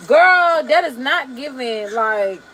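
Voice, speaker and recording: A young adult woman hosts a reaction video, her voice sitting a little high as she talks in a sassy, slangy, animated way. She chats casually while doing her makeup, with faint noise in the background. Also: slow pace, rough recording.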